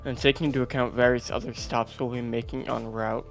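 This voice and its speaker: A man voicing a precise, composed woman who lays out travel estimates in a measured, matter-of-fact way while reading game dialogue aloud on a stream. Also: mid-range voice, flat delivery, faint music behind, pitched below the performer's own voice, natural voice.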